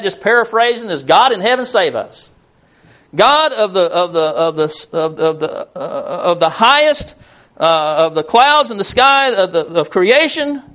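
High-voiced rambling preacher, muffled sound. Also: male voice, a bit bright. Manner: rambling, repeats words, loses his place. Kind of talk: sermon. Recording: dull lo-fi sound.

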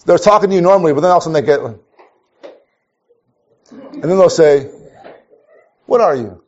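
Wry storytelling preacher man, slightly high. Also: fast, darkish tone. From Minnesota. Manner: storytelling, wry, restarts often. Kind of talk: conversational sermon. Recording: dull lo-fi recording.

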